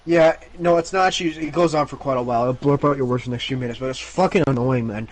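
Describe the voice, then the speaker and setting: A man's voice: mid-range voice, quick pace, rough recording. A man streaming games, telling rambling, profane stories in casual chat. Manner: rambling, profane storytelling with restarts.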